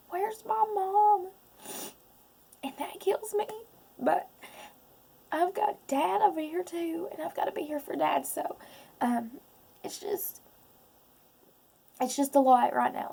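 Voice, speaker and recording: Woman, 30s, personal vlogger, tearful and halting, slightly high, fry-heavy voice. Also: warm tone. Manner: tearful, halting, many pauses and ums. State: close to crying. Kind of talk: emotional personal vlog.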